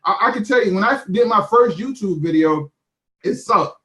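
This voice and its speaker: High, emphatic motivational man. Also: animated, normal speed, fairly bright tone. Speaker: online marketer sharing his story. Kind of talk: animated talk on a live call.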